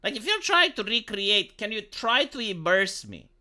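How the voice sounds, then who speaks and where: A man's voice: high-pitched, sing-song, moderate pace, bright, forceful tone. A man from Romania, ranting profanely and sarcastically on a live stream about a film.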